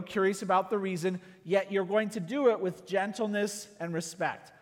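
A pastor giving a conversational sermon, full of rhetorical questions and acted-out quotes. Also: male voice, sits high, long reverb tail.

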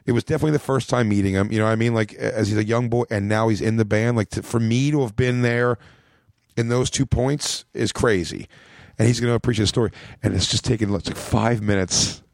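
A man's voice: on the low side, steady tone, a little fast, creaky, no echo, studio quality. Profane, rambling American man. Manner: rambling, profane, acts out quotes in a raised voice. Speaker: comedian. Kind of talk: casual podcast storytelling.

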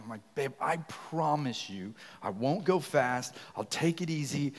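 A man preaching a sermon, telling a personal story and asking the congregation questions in an animated way. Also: medium pitch, normal speed, long reverb tail. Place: church sanctuary.

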